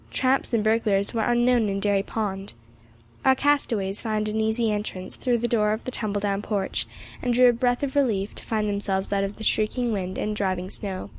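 A woman narrating an audiobook in a steady, expressive reading. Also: medium pitch.

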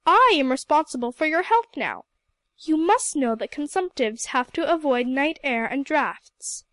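A woman's voice: sits high, lively intonation, a little slow, no echo. A woman voicing a strict, fussy old aunt who scolds and gives orders in a storybook reading. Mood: scolding. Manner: scolding, sharp, commanding.

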